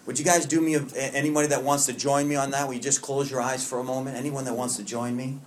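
A man's voice: medium pitch, level tone, fast, slight background noise. A man from Long Island, leading a recovery meeting and sharing with the group in an earnest, heartfelt way with self-mocking humor. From Long Island, New York. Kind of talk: personal share to a support group.

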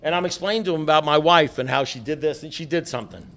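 At a recovery meeting, a middle-aged man tells stories in a joking, blunt, profane manner, frequently restarting his sentences. His voice sits on the high side, quick and a bit bright.

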